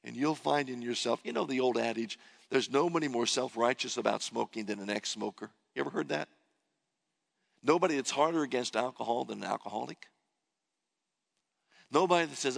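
A man's voice: medium pitch, a little fast, vocal fry. A man preaching a sermon, earnestly reading and paraphrasing scripture in the first person. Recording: long hall reverb.

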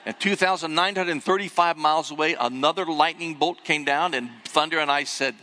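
An older man preaches from the pulpit in a bright, forceful voice, building a story with animated emphasis. His words ring out with the long echo of a church hall. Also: on the high side, brisk. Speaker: pastor. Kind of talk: sermon. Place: church sanctuary.

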